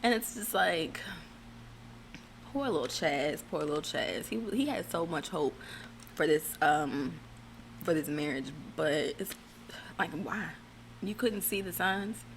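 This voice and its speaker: A woman's voice: on the low side, animated, slow, slight background noise. A woman giving casual, blunt and profane reality TV recap commentary, rambling with fillers and restarts.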